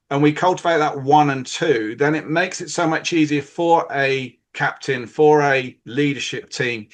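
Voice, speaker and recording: British man, podcast co-host, casual coaching talk, acts out quotes, higher voice. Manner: explains with acted-out quotes of players and coaches.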